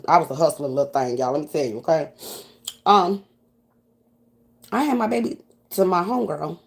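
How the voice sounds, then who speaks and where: A woman from New York with a New York accent, telling a profane story to her audience in a casual, animated way. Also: low voice.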